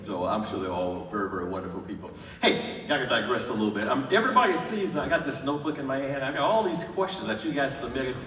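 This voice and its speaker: A man's voice: medium pitch, animated, fast talker, hardly any pauses, a bit bright, a little hiss or hum. Man interviewing on a hall stage. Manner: friendly, chatty questioner reading from notes. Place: large indoor event hall. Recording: roomy hall from far off, crowd behind.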